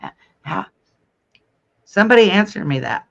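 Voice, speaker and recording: A man's voice: high voice, very animated, normal speed, vocal fry, fairly bright tone. A man hosting a live stream who fires pointed questions at his guest and the chat and demands answers. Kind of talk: casual live-stream commentary. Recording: dull lo-fi sound.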